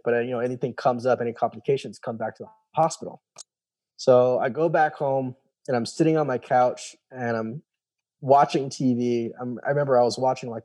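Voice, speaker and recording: A young adult guest with a mid-range, somewhat mellow voice loosely recounts his story in a dry recording, meandering and retelling what others said to him with "he's like."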